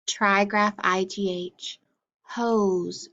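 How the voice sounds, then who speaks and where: Slow, patient phonics teacher woman. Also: medium pitch, fairly even intonation, fairly bright tone. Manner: slow, clear, patient drilling with praise. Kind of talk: phonics drill lesson. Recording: dull lo-fi recording.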